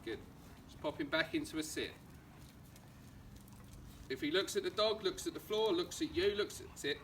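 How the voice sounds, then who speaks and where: A man with an Essex accent, working as a dog trainer, calmly explaining training steps outdoors and giving short commands to a dog. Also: high voice, normal speed, vocal fry. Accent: Essex English. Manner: calm, coaching, gives short commands to the dog. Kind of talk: on-location training instruction. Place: outdoors on a street during a home visit. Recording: distant outdoor camera audio with background noise.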